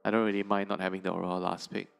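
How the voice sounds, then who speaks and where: A man working as an esports analyst on a broadcast desk, talking in a measured way and thinking aloud with fillers. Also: deep voice, level tone, creaky, smooth, soft background music.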